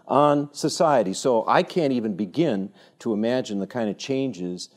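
A man's voice: medium pitch, normal speed. Rambling older man telling stories. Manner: animated, rambling storyteller with many fillers and restarts. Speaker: speaker addressing a younger audience. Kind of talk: informal talk with anecdotes.

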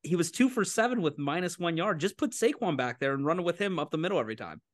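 A man co-hosting a casual sports betting podcast, animated and incredulous, quick to laugh. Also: a little high, no echo. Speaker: podcast co-host making picks.

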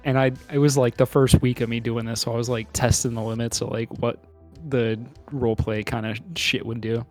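A man's voice: mid-range voice, little pitch movement, fairly quick, hardly any pauses, faint music behind. A man hosting a podcast in casual chat, laid-back and rambling with lots of hesitation. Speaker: podcast host.

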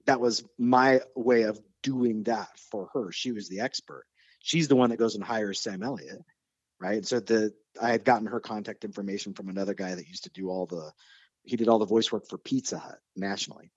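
Excitable man hosting a podcast. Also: lowish voice, fairly quick, no echo, dull audio. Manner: animated storyteller, gets excited and nerdy. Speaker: podcast host. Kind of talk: casual chat.

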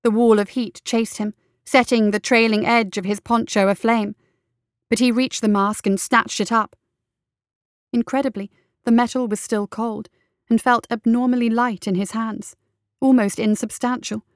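A woman reading fantasy narration for an audiobook in a steady, measured way. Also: on the high side, no room sound, studio quality.

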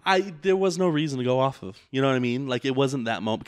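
A man's voice: medium pitch, expressive, quick pace, clear, resonant tone, dry recording, clean studio sound. A man who drives for a rideshare service, telling a story in casual chat, rambling and profane with lots of filler words.

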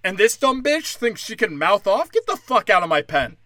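A man's voice: high voice, sing-song, moderate pace, bright, forceful tone, no room sound, studio quality. A man with a New York accent, a stand-up comic, ranting profanely and aggressively on his late-night podcast. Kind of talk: angry podcast rant.

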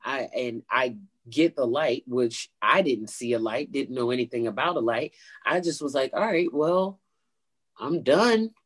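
A woman comedian being interviewed, telling a story in an animated way and acting out quoted voices with big pitch jumps. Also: a little slow, husky. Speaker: stand-up comedian, guest.

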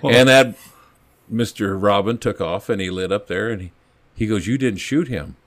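A man's voice: on the low side, moderate pace, dry recording. A man telling a rambling, folksy story from his police days on a podcast, acting out the quotes as he goes. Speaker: podcast guest, former police officer. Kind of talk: casual storytelling.

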